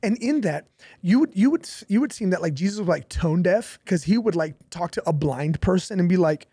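A young male pastor with a high, mellow, slightly rough voice talks casually about faith, fairly quickly and animatedly. He tells stories with laughter and repetition, recorded with clean studio sound and no echo.

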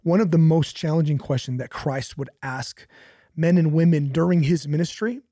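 Young man, pastor, husky tone, slightly high pitch, animated storytelling. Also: normal speed, no echo, clean studio sound. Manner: animated, storytelling with laughs and repetitions. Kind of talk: casual faith conversation.

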